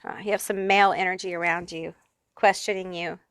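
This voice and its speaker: A woman's voice: lowish voice, level tone, a little fast, fairly bright tone, clear, resonant tone, no echo, clean studio sound. A woman giving a pick-a-card tarot reading, talking straight to the viewer in a blunt, profane, fired-up way. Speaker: tarot reader.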